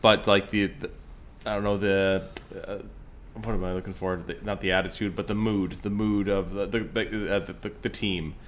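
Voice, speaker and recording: Rambling low-voiced man chatting movies. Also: flat delivery, normal speed, a little hiss or hum. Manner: rambling, jokey, trails off searching for words. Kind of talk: casual movie chat.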